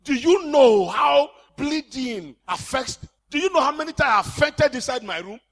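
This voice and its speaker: A man preaching a sermon with passion, often shouting for emphasis. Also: very high voice, lively intonation, moderate pace.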